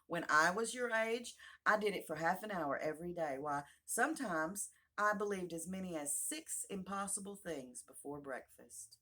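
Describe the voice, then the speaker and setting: A woman voicing a flustered, scatterbrained old queen in a storybook reading, with a high, fluttery and emphatic manner. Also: animated, moderate pace, hardly any pauses, pushed and bright. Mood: boastful.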